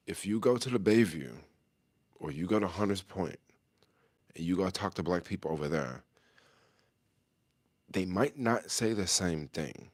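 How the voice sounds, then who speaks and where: A man's voice: low voice, dry recording. A middle-aged man talking casually to the camera in loose, slangy street talk, chuckling often as he answers a viewer's question.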